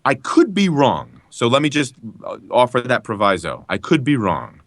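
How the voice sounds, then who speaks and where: A man voice actor from Philadelphia, chatting in a podcast interview, animated and quick to laugh, with a mostly neutral American accent. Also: medium pitch, no room sound, studio quality. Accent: trained-out Philadelphia, standard American Midwestern style. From Philadelphia area. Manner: animated storyteller, laughs often, quick asides. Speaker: guest voice actor. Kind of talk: casual podcast chat.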